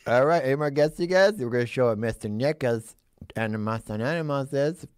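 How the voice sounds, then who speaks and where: A man hosting a playful live stream with jokey, energetic banter. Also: mid-range voice, fairly quick, smooth, no room sound, clean studio sound. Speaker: host.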